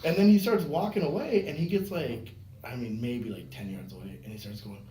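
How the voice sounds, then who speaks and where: A man's voice: mid-range voice, brisk. A man hosting a podcast, telling a story casually with lots of swearing and acting out the voices of the people in it. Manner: profane, animated, acts out quoted voices. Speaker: podcast host. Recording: echoey room with faint noise.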